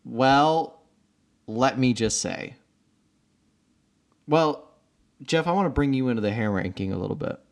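A man's voice: medium pitch, expressive, measured pace, vocal fry, pauses often. A man in his forties co-hosting a casual podcast chat, playful and laughing often. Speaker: podcast co-host.

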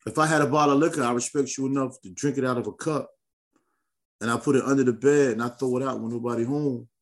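Animated, slangy male podcast host. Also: mid-range voice, quick pace. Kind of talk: casual chat.

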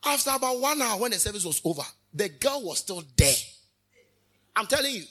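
A male minister delivers a fervent sermon. His voice sits high and sharp with a husky, breathy edge. He swings from hushed asides to sudden loud bursts. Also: very animated, brisk.

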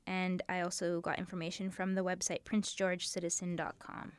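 A woman co-hosting a relaxed chat podcast, animated and giggly. Her voice sits at an ordinary pitch. The recording is dry and close. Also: moderate pace, smooth, dry recording. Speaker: podcast co-host. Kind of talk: casual chat.

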